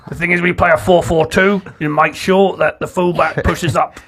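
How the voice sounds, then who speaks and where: A man doing a comic impression of a gruff male football manager, with a gravelly voice and clipped coach-speak. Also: fairly high pitch, flat delivery, normal speed, fairly bright tone, soft background music. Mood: earnest. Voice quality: gravelly, husky.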